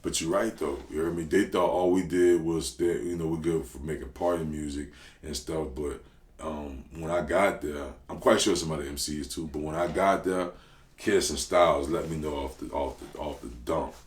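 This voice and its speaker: Very deep-voiced New man. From New Orleans. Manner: animated, slangy, quick bursts of excitement. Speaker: rapper guest. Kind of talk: casual interview storytelling. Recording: roomy echo.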